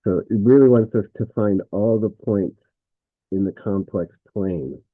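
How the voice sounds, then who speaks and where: A man's voice: on the low side, measured pace, dry recording, narrow, tinny audio. A man teaching a recorded math lesson, thinking aloud as he works through problems and correcting himself with frequent fillers.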